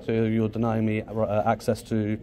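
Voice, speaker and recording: A man filming on a handheld camera in a public office, calmly arguing and pressing questions. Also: fairly low pitch, normal speed. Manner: calm, probing, argumentative. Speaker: filming activist. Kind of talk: argumentative confrontation.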